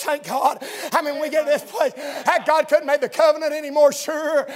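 High-voiced shouting preacher man. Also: flat delivery, fairly quick, hardly any pauses. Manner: shouting, drawling, dialectal grammar, constant amens. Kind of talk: fiery revival sermon.

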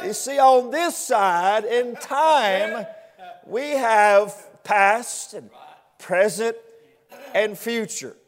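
A man preaching an impassioned sermon to a responding congregation, repeating words in rhythmic bursts that build to shouts. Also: sits high, extremely slow. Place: church sanctuary with long reverb. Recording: reverberant church hall.

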